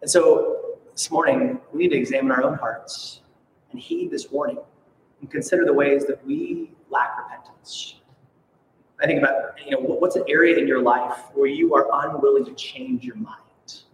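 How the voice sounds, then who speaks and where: A man from Alaska preaches with animated energy, dropping in playful, sarcastic asides. His voice sits high for a man. He is heard from some distance in a long-reverberating church hall with a faint rumble underneath. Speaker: pastor. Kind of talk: sermon. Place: church sanctuary. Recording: echoey hall, from far off.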